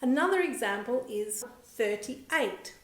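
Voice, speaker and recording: Slow, careful woman teaching a lesson. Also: on the high side, lively intonation, a bit bright. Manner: slow, clear, careful enunciation of example words. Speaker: language teacher. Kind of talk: scripted grammar lesson. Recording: roomy echo.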